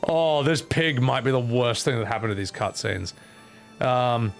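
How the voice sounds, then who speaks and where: A man's voice: medium pitch, animated, brisk, faint music behind. A young man streaming a game, rambling and joking at himself in casual commentary. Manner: rambling, jokey, self-mocking.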